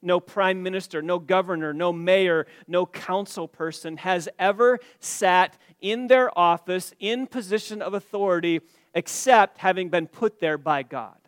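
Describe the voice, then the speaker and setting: A man preaching an expository sermon to his church, stressing key words loudly and then dropping his voice low, with some stammering restarts. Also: measured pace, clear, resonant tone, no room sound, studio quality. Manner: emphatic, rising to loud stresses then dropping quiet. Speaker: pastor.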